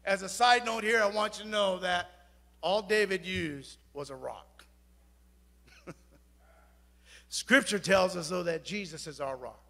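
A man preaching a fiery church sermon, moving from quiet storytelling into shouted exhortation to the congregation. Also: high voice, measured pace, creaky, pauses often. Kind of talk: Pentecostal-style sermon. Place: large church sanctuary. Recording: long church hall reverb, congregation faintly heard.

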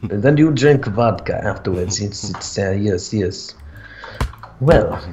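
A man's voice: fairly low pitch, expressive, unhurried, lo-fi sound, music in the background. A man co-playing a game in casual chat, laid-back, stumbling over and repeating words, laughing a lot. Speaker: guest co-player.

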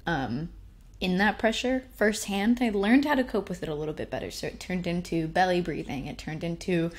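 A woman's voice: on the low side, darkish tone. A young woman telling a personal story at a conference, chatty and self-deprecating, often laughing. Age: young adult. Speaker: conference speaker.

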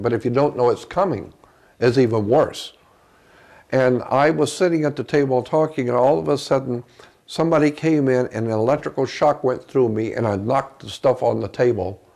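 A man with a gravelly, creaky voice speaks as an interview guest. He recounts a personal story earnestly, often stopping and restarting his sentences. His pitch sits at an ordinary middle level for a man. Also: a little mellow.

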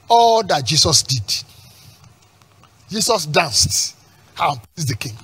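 A pastor preaching a sermon with emphatic call-and-response questions, repeating words and breaking into shouts at the peaks. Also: male voice, high voice, slightly rough.

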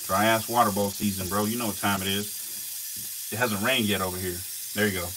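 A man casually commenting while filming, excitable and slangy, swearing often and talking both to his animals and to viewers. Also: lowish voice, moderate pace, slight background noise, poor audio. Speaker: reptile keeper vlogger.

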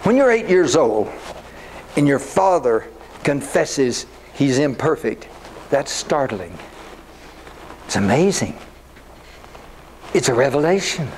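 An older man giving an animated storytelling talk to an audience. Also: medium pitch, takes it slowly, pauses often, slight background noise, rough recording. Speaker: speaker.

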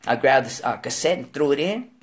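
A man's voice: mid-range voice, animated, fairly quick. A man as a talk show guest telling a story in profane street slang, acting out the quoted voices. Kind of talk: storytelling interview.

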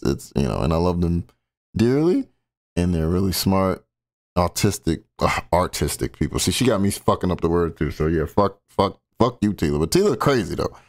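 A man hosting a casual reaction stream, commenting bluntly and crudely on clips with joking asides. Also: low voice.

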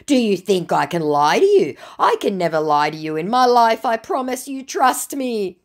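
A woman voicing a fawning, pleading male online scammer who speaks in a syrupy, slow, high voice. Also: very animated.

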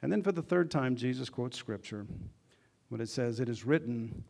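Preaching man with loud swells. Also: animated, normal speed, gravelly. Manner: earnest preaching, asks the congregation questions; swings between loud emphasis and quiet low asides. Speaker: pastor. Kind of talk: sermon. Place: church.

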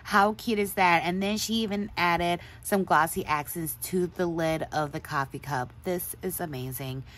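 A woman's voice: lowish voice, moderate pace, a bit bright. A woman hosting a craft video, gushing in a casual show-and-tell chat and laughing often. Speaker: craft channel host.

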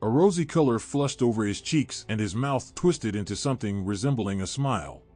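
A man giving a steady, measured scripted narration of a horror story. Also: on the low side. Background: faint music.

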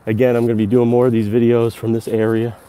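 A man's voice: mid-range voice, level tone, fast talker, mellow. Breathless man narrating an outdoor walk. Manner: chatty, addresses viewers as guys. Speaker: live-stream vlogger. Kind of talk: casual live-stream walking tour. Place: outdoors on a hillside park at dusk.

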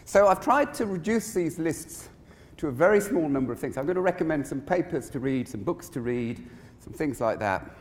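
A man speaks from the stage of a large conference hall, his voice ringing with a long reverb. His pitch sits a bit high and swings widely as he talks. He delivers his keynote in a chatty way, wandering off on asides. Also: moderate pace. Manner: animated, conversational, digressive.

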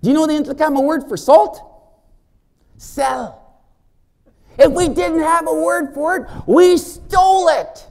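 A man giving a conference keynote as a First Nations chief, animated and joking, often asking the audience questions. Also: extremely high pitch, quick pace, few pauses.

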